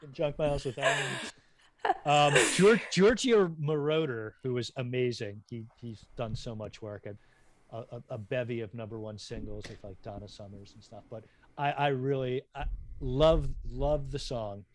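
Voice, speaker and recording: A man's voice: medium pitch, moderate pace, a little hiss or hum. A man hosting a casual podcast chat, joking and teasing his guests while sharing movie music trivia. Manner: jokey, teasing, trivia-loving. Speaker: podcast host.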